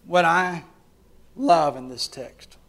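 Fervent bright-voiced preacher. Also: male voice, a little high, slow, gravelly. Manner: swings between loud fervent preaching and quiet hushed passages. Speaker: pastor. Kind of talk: sermon.

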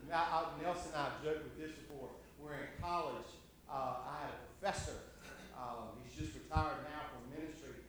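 A man with a drawl preaches in a church, his voice bright and a bit sharp. He picked up from a distance, with a lot of reverb from the room. He talks in a folksy way and jokes with the people in the pews. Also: a little high, steady tone, normal speed, slight background noise. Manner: folksy, joking with the congregation. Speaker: visiting preacher. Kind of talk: sermon with prayer. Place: church sanctuary. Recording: roomy church sound from a distant mic.

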